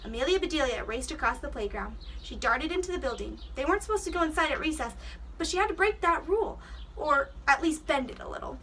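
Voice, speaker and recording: A woman's voice: high-pitched, sharp tone, recorded from a distance, slight background noise. A woman teacher reading a children's storybook aloud, giving the characters voices and stopping to explain words to the kids.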